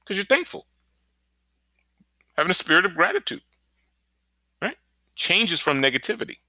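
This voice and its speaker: Bright-voiced upbeat male pastor. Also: high voice, moderate pace, dry recording. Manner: energetic, keeps asking "right?". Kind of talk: encouraging podcast sermon.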